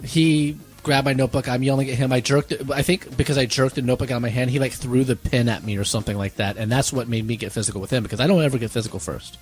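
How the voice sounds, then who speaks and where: Young male co-host, mid pitch, blunt and profane, teases his friend, faint music underneath. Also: racing, few pauses. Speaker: podcast co-host. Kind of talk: casual storytelling chat.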